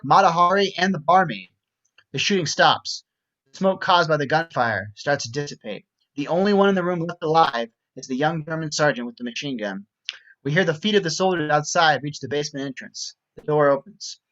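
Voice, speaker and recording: A man's voice: a little high, a bit bright. Man reading stage directions, muffled audio. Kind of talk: script reading narration.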